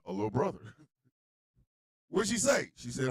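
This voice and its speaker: Animated, shouting male radio host. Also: very high voice, brisk, creaky, no echo, studio quality. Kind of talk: comedic talk radio rant.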